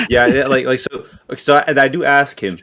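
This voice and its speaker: A man's voice: mid-range voice, lively intonation, normal speed, pushed and bright. A man playing a tabletop game, joking and breaking into nervous laughter. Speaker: player.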